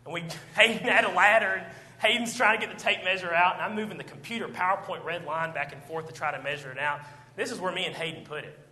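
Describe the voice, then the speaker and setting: A man preaching a sermon, retelling a Bible story with lively acted-out quotes. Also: sits high, fast talker. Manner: animated storytelling, acting out quoted lines. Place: church auditorium. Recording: long church hall reverb.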